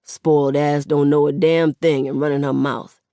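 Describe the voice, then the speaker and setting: A street-wise middle-aged dad, affectionate and teasing, in a loose slangy drawl, as a woman reads him in an audiobook. The voice sits low and the recording is close and dry. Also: flat delivery, normal speed, warm tone, no echo. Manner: laid-back slangy drawl.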